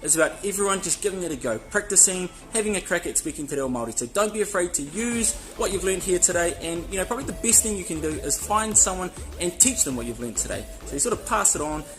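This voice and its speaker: Fast-talking New Zealand man teaching words. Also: high-pitched, lively intonation, music in the background, poor audio. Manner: friendly, chatty, says words slowly to be repeated. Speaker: language teacher. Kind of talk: casual spoken lesson.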